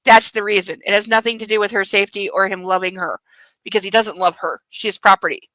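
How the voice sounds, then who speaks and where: A woman's voice: medium pitch, steady tone, fast talker, pushed and bright, no room sound, poor audio. A woman reading a novel aloud for a comic book club, breaking off into sarcastic, profane commentary.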